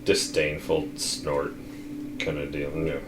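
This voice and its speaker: A man's voice: very deep voice, completely flat delivery, slow pace, roomy sound, background noise. A man playing a tabletop game, casual and matter-of-fact. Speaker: player.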